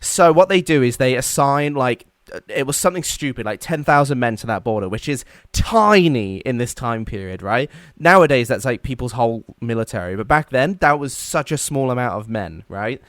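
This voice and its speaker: Male podcast co-host, jokey storyteller, smooth resonant voice, dry recording. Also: medium pitch, expressive, moderate pace, hardly any pauses, no room sound. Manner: jokey storytelling, acts out silly quoted voices. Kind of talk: casual comedic history chat.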